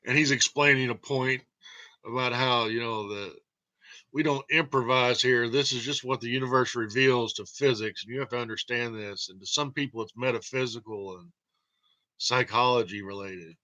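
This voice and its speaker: A man's voice: mid-range voice, steady tone, moderate pace, pushed and bright, no room sound. A man telling a rambling, jokey monologue to camera and laughing often. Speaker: vlogger.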